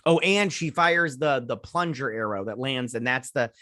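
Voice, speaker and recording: A man's voice: medium pitch, expressive, normal speed, pushed and bright, dry recording, clean studio sound. Rambling man recapping a show episode. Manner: rambling, many fillers, retells scenes in quoted voices. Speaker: host.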